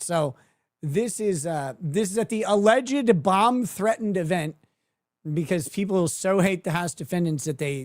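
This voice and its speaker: A man's voice: high-pitched, a little mellow, no echo, clean studio sound. A man hosting a livestream, giving crude, mocking commentary and laughing at his own jokes. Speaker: livestream host.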